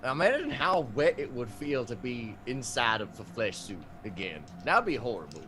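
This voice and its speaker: A man's voice: mid-range voice, very animated, normal speed, noisy background. Joking man playing a tabletop game. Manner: dry, joking. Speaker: player. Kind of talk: casual in-character play.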